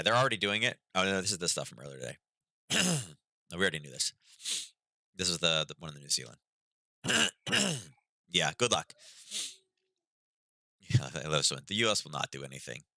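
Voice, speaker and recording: Laid-back sarcastic man, bright dry voice. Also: low voice, gravelly, dry recording, poor audio. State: recovering from illness, yawning. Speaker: trading stream host. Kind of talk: casual market commentary.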